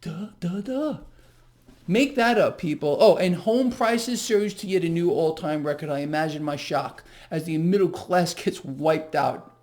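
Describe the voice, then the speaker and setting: A man's voice: fairly high pitch, normal speed, darkish tone. A man hosting a solo market commentary, ranting in an agitated, sarcastic, mocking way.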